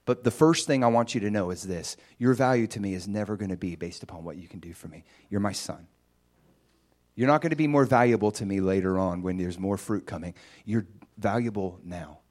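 A man's voice: fairly low pitch, voice pushed down, close to an everyday voice. A man voicing a tender, fatherly God. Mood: reassuring. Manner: slow, soft, tender delivery. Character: loving fatherly God, gentle and affirming.

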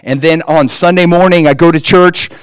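A man's voice: fairly high pitch, steady tone, normal speed, clear, resonant tone, no room sound. A man preaching a personal testimony as a story, with emphatic rises in his delivery.

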